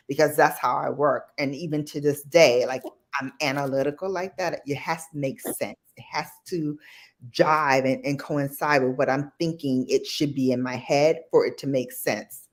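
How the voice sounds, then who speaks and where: A woman with a low, even voice chats casually as a guest on a live stream. She tells her stories in a loose, reflective way, full of fillers and asides. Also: normal speed. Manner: rambling, reflective storytelling with fillers.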